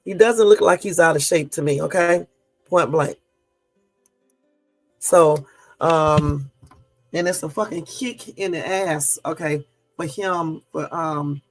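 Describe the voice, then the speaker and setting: A man with a gravelly, raised voice hosts a casual livestream and talks in an indignant, rambling way. He fills his talk with "um" and speaks straight to his live viewers. Soft music plays faintly behind him. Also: a little high. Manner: indignant, rambling with many fillers; chats with and answers live viewers. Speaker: livestream host.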